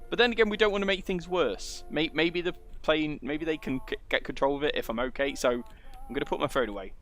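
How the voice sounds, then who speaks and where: A man's voice: on the high side, a little fast, fairly bright tone, soft background music. A man giving casual, rambling commentary as he plays through a game and reads its text aloud. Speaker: let's play gamer.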